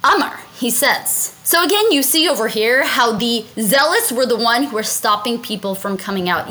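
A woman's voice: fairly high pitch, bright, forceful tone, poor audio. A woman teaching a Talmud story in a chatty way, translating Aramaic lines and often asking "right?". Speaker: Torah class teacher.

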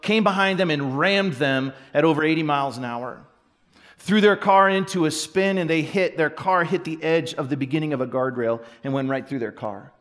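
Fervent, fairly high-voiced male preacher. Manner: swings from hushed, near-whispered storytelling to loud, excited shouting. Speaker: pastor. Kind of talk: sermon.

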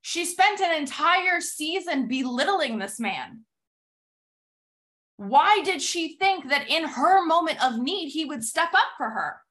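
Bright, animated woman coaching. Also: high-pitched. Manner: animated retelling with acted-out quotes. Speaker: podcast host and sales coach. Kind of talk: motivational podcast monologue.

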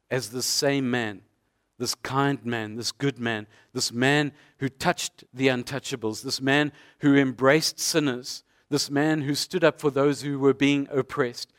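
A man preaching a sermon as a pastor, painting vivid scenes through repeated rhetorical questions. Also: medium pitch.

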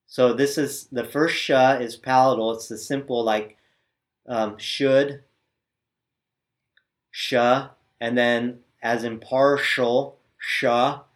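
Male teacher, unhurried delivery, demonstrates sounds, checks "right?" with students. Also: mid-range voice, fairly even intonation. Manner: frequent "right?" check-ins. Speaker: language teacher. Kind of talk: spoken lesson on pronunciation.

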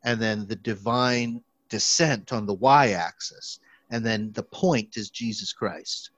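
A man's voice: fairly low pitch, slow, dry recording. Rambling young man chatting about theology. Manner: rambling, lots of restarts and fillers, animated when quoting people. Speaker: theology student. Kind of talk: casual podcast chat. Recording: dry, slightly dull recording.

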